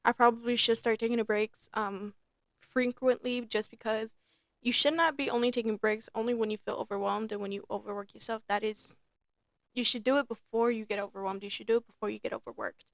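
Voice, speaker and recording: A young woman hosting her own podcast in casual, rambling talk, repeating herself and filling pauses with um and like. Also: fairly high pitch, steady tone, gravelly, no echo, clean studio sound. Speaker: podcast host. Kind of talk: casual solo podcast chat.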